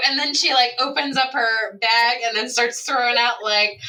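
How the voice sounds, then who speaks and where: Giggly, very bright-voiced woman player. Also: a little high, steady tone, moderate pace, far from the mic, rough recording. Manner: giggly, loud, blunt. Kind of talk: playing a tabletop game.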